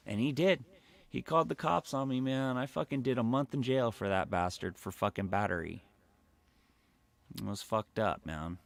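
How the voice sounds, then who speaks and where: A man with a very low voice and a gravelly crackle talks through a story on his live stream. He rambles casually and swears constantly, with loose filler words throughout. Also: lively intonation, normal speed. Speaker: livestreamer.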